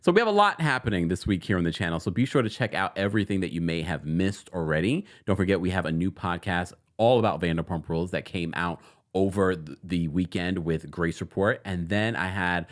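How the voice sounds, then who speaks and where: A man's voice: deep voice, brisk. A man hosting a live stream, chatting casually with viewers and laughing often. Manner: laughs often, lively, playful. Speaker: host.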